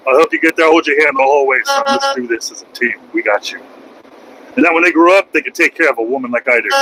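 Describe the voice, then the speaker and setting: A man's voice: fairly high pitch, sharp tone, a little hiss or hum, low-quality recording. A middle-aged man, a trucker, chatting on a casual live stream from his cab, rambling and joking at his own expense. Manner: rambling, joking, self-mocking. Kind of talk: casual live-stream chat while driving.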